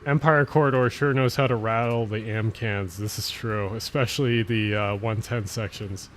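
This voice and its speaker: A man's voice: fairly low pitch, fairly even intonation, moderate pace, a bit bright, a little hiss or hum. A man with a Jersey and Philly area accent, talking in a loose late-night stream. He rambles, runs words together and swears casually as he thinks aloud. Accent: New Jersey/Philadelphia.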